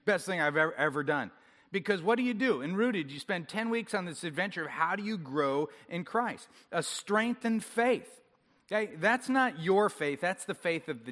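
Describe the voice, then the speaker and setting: A man preaching a sermon to a congregation, animated and self-deprecating, getting the audience to join in. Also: fairly high pitch. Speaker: pastor. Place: large church hall. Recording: long hall reverb.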